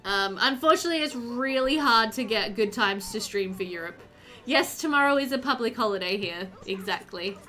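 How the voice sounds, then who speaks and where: A woman game streamer with a voice on the high side, bright and forceful, speaks animatedly at a moderate pace. She chats casually with live-stream viewers while playing, answering chat and filling her talk with ums and likes.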